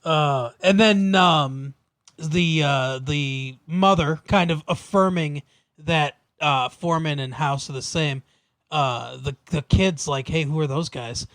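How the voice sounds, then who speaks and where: A man's voice: a little high, slow, a bit bright, no room sound, clean studio sound. A man co-hosting a podcast, casually recapping a TV episode with lots of fillers and laughs. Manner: rambling, laughs often, many fillers. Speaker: podcast co-host.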